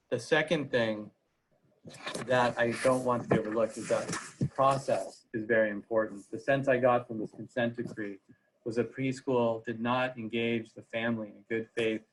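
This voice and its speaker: A man's voice: medium pitch, low-quality recording. A man giving a legal presentation on a video call, speaking conversationally with frequent "uh" fillers. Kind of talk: webinar presentation.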